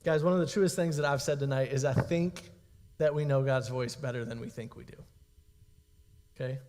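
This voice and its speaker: A man's voice: mid-range voice, fairly even intonation, normal speed, a little mellow. A young man preaching a youth sermon in a casual, conversational way, checking in with his listeners often. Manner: casual, conversational preaching with frequent "okay?" and "guys". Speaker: youth pastor. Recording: long reverb of a hall.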